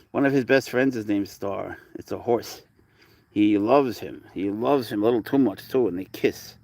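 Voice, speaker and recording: A man's voice: on the low side, moderate pace, creaky, darkish tone, dry recording. A man hosting a casual livestream about his pet cat, chatting to viewers with rambling asides and cooing at the cat. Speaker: cat owner and channel host.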